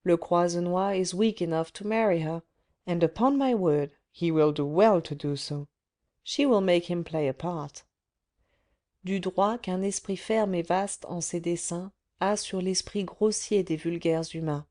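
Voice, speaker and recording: Lady reader doing a gloomy proud young guy talking to himself, bitter, low mellow voice. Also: a little slow, natural voice. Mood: brooding. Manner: inward, bitter musing. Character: brooding condemned young man, proud and bitter.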